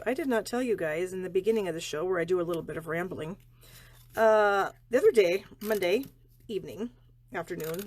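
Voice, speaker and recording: A middle-aged woman with a lowish voice hosts a card-making live stream from her home craft room. She chats casually and rambles as she goes.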